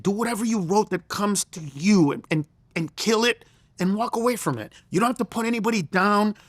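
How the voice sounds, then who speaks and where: Middle-aged comic guy, high voice, super animated storytelling, cusses a lot, dry close mic. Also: no echo. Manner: profane, excitable, acts out quoted voices. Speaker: comedian guest.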